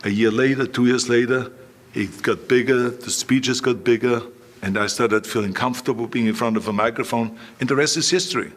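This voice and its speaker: An older man tells stories as an interview guest, his voice sitting at an ordinary middle pitch. He talks in a lively way, slipping into the voices of the people he quotes. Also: a little fast. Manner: animated anecdotes, acting out quoted lines. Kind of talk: storytelling in an interview.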